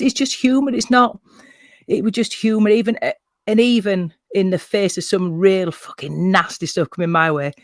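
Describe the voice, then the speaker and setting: A man's voice: a little high, dry recording, studio quality. A man with a Yorkshire accent, chatting casually as a guest on a livestream panel, sweary and self-mocking with frequent laughter. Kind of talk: casual chat.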